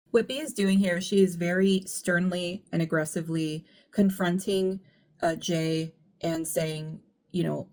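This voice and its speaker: A woman talking through her reading of an album in a casual, earnest, reflective way, speeding up when she gets animated. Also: fairly low pitch, a little slow. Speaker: music commentary YouTuber. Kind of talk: casual analytical commentary.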